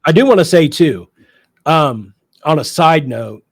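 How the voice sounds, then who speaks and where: A man's voice: on the high side, expressive, unhurried, vocal fry, no room sound. A man talking casually on a radio show about paranormal investigations, upbeat and rambling with many fillers. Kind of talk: casual chat.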